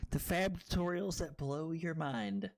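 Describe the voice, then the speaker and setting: Excitable man with big pitch swings. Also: unhurried, noisy background. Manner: excitable, loud outbursts, swearing, frequent laughter. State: tipsy from drinking. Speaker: card game streamer. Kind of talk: casual livestream commentary.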